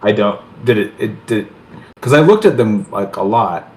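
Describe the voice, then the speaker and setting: A man's voice: on the low side, lively intonation, moderate pace, darkish tone. A man playing in a tabletop game, hesitant and chuckling as he thinks aloud. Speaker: player. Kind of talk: casual tabletop play. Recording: echoey room.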